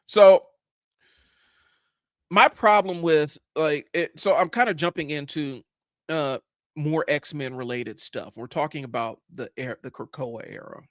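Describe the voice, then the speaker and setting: Speaking at a measured pace in a voice on the high side, a forties-aged man hosts a livestream of casual comic book commentary. He's blunt and casual, swears at times, and rambles with many fillers and restarts. There's no room sound.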